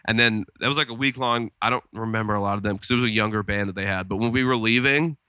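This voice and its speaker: Speaking fast in a lowish, sharp, clear and resonant voice, a man co-hosts a podcast and meanders through anecdotes stuffed with filler words. It's casual chat captured dry on a studio podcast mic.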